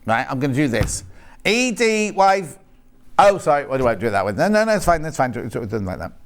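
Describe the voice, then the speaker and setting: A man's voice: fairly high pitch, very animated, brisk. Chatty TV shopping presenter, man. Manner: chatty, teasing, reads prices and product codes. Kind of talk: live TV sales chat. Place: TV studio. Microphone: earpiece and studio mic.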